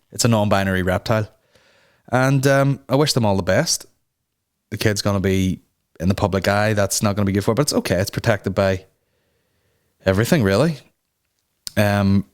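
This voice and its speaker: A young man hosting a comedy podcast, crude and sarcastic, swearing often as he rants and mocks people in put-on voices. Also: on the low side. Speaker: podcast host.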